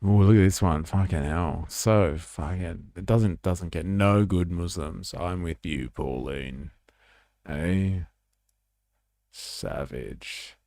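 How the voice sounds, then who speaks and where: Australian male streamer, low and raspy, blunt sarcastic commentary, close dry mic. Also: takes it slowly, dark tone, no room sound. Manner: blunt, sarcastic, swears a lot. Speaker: live streamer. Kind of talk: livestream commentary reacting to posts.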